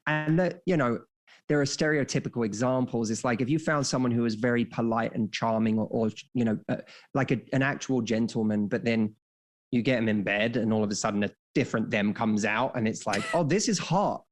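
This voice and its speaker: A man in his thirties talks casually on a podcast as a dating coach. His voice sits at a middle pitch. He keeps slipping into stories and playing out the lines of the people in them. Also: fairly even intonation, a little fast. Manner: storytelling, acting out quoted dialogue.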